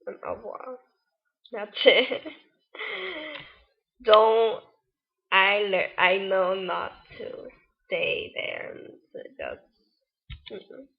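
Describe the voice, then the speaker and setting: Teen girl, 18, casual vlogger, slow and rambling with lively ups and downs, a little husky fry. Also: medium pitch. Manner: chatty, rambling, with many fillers and laughs. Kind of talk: casual storytelling vlog. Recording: lo-fi webcam audio.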